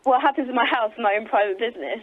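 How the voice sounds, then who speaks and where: A man's voice: very high-pitched, rapid-fire, no echo. A man on a phone call, defensively denying everything and getting flustered. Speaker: prank call target. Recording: phone line.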